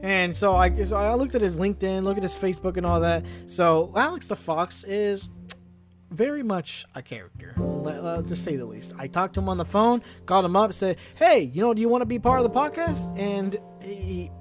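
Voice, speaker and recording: A man's voice: normal speed, music in the background. A man hosting his own podcast, rambling casually with many hesitations. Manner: rambling, hesitant, low-key. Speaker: podcast host.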